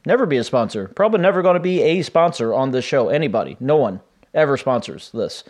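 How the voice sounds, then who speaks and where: A man hosting a casual solo podcast, his voice a little raspy and weak after laryngitis, rambling and self-deprecating with many fillers. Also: medium pitch, big pitch swings, fast talker, a little mellow. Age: 40s. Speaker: podcast host. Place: home.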